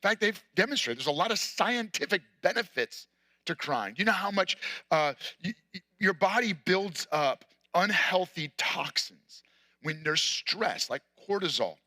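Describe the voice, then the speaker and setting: A man's voice: high voice, animated, normal speed, pushed and bright, no room sound. A man, a pastor preaching a sermon in a conversational way, full of rhetorical questions.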